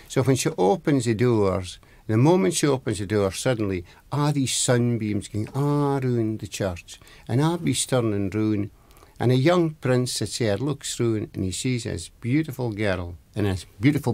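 A Scottish storyteller from Aberdeen tells an old folk tale in a lilting, repetitive way, savouring words like "very, very." He sits dry and close to the mic, and his pitch is mid-range for a man. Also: lively intonation, normal speed, creaky, darkish tone, no echo. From Scotland. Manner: lilting, repeats words for emphasis.

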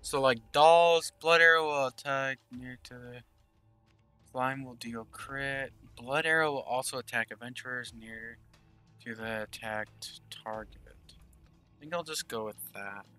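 A man's voice: mid-range voice, a little slow, bright, forceful tone, clear, resonant tone, soft background music. A man giving casual gameplay commentary, thinking aloud and murmuring game text as he plays. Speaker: gaming channel host.

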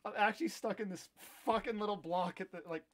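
A young American man in his twenties live-streaming a game, chatting casually with viewers in a rambling, self-correcting way with excitable bursts. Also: sits high, fast talker. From United States. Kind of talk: casual live-stream chat while gaming.

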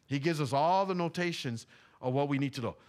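A man preaching in a casual, animated style, leaning on slang and repeating phrases for emphasis. His voice sits a bit high for a man. The sermon is delivered in a church sanctuary. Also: fairly quick. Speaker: pastor.

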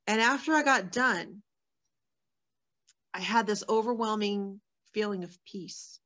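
A woman's voice: medium pitch, slow pace, a bit bright, highs cut off. A woman sharing her personal testimony as a guest, in a candid, earnest storytelling manner with many fillers.

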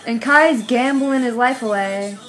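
A young woman hosting a reaction video, excitable, shrieking and laughing as she comments. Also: on the high side, measured pace, faint music behind.

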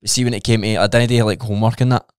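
A man's voice: fairly low pitch, little pitch movement, rapid-fire, a little mellow, clean tone, dry recording, clean studio sound. A Scottish man chatting casually as a guest on a podcast, talking bluntly with plenty of swearing.

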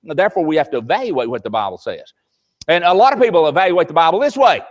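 Animated older preacher. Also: male voice, a little high, fast, long pauses. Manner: animated storytelling, acts out voices in anecdotes. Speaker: preacher teaching a Sunday class. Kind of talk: folksy Bible class sermon.

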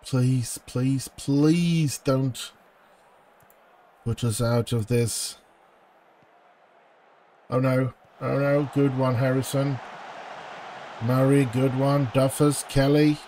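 Very slow with long pauses, a man's dark, mid-range voice with fairly even intonation carries this let's play of his football management game, recorded with slight background noise. As a gaming channel host, he pleads anxiously with his team, groans at misses, and lets out bursts of frustration.

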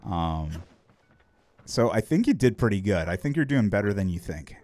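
Easygoing American man streaming, lowish voice. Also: very animated, moderate pace, darkish tone, faint music behind. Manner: laid-back, chuckling, rambling with restarts. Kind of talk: casual chat on a live stream. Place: home setup near Philadelphia.

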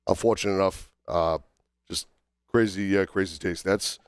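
A man co-hosting a casual podcast while under the weather from a cold, talking haltingly with many fillers as he works through a list. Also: deep voice, fairly even intonation, clear, resonant tone, no echo, studio quality. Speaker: podcast co-host.

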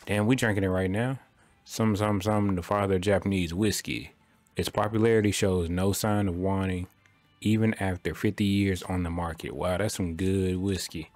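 A man's voice: deep voice, fairly even intonation, moderate pace, a little mellow, no room sound. A young man giving loose, slangy running commentary while playing a video game. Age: young adult. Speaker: gaming streamer. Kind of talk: casual gameplay commentary.

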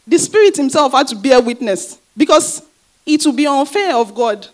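A female pastor preaches in a fairly high voice, repeating her key phrases for emphasis and putting rhetorical questions to the congregation.

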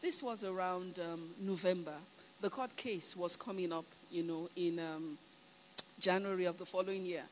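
A woman's voice: lowish voice, moderate pace. A Nigerian woman preacher telling a story in a sermon, emphatic and full of "you know," asking her listeners whether they are listening. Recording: long hall reverb, faint hum.

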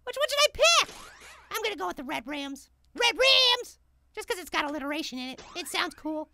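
A super high squeaky little apple dude, gravelly edge, hyper and yelling at his game. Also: sing-song, a little fast, slight background noise, heavily acted. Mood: excitable. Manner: hyper, exclaiming, talks to viewers. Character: tiny excitable male apple gamer. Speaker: let's play host. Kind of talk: let's play commentary.

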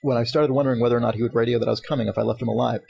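A man hosting a casual talk podcast, reading emails aloud and riffing on them. His voice is gravelly and a little husky, and he talks at a quick clip, laughing often. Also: mid-range voice, rough recording. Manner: fast-talking, animated, laughs often. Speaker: podcast host.

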